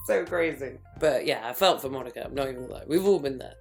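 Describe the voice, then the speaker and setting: A woman, recapping a reality TV episode in an animated, gossipy casual chat full of quick asides and laughter. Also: deep voice, soft background music.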